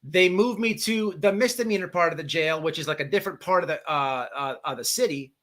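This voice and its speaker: A man's voice: on the high side, brisk, fairly bright tone. A man hosting a casual livestream, telling a long profane jail story with many repeated words. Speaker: livestream host.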